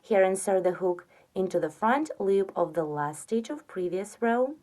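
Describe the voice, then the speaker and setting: A woman giving a step-by-step crochet tutorial, patiently counting stitches aloud and softly trailing off on the counts. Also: mid-range voice, expressive, moderate pace. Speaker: crochet instructor.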